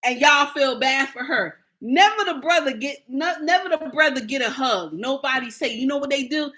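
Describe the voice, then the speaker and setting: A woman's voice: sits high, moderate pace, pushed and bright. A woman, ranting in a sassy, indignant casual monologue to her viewers and acting out the people she quotes. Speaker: commentator.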